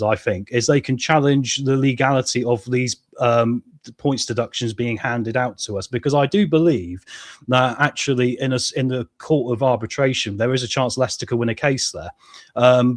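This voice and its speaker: A man hosting a casual football fan discussion, asking his co-host pointed questions and often ending points with "right?". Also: mid-range voice.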